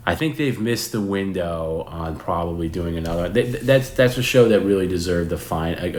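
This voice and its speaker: A man in his forties hosting a live stream, chatting casually with viewers in a rambling way, restarting sentences and swearing now and then. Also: deep voice. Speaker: host. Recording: roomy with faint background noise.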